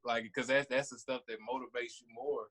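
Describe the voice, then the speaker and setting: Brief: male guest, mid-pitched, laid-back, slangy, does trash-talk voices. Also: flat delivery, a little fast, fairly bright tone, breathy edge. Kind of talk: casual sports chat.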